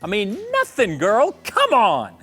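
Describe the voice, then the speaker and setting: A man's voice: sits high, huge pitch swings, a little slow, pushed and bright, breathy edge. A man judging a talent show, giving joking, teasing feedback in a casual way. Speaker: judge. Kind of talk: casual chat.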